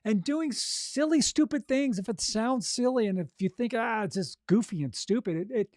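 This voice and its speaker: A man coaching authors on narrating their audiobooks, talking casually and demonstrating breathing and voice warm-ups. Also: high-pitched, animated, moderate pace, no echo, clean studio sound. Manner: encouraging, conversational, frequent "okay?" and "right?". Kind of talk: coaching monologue.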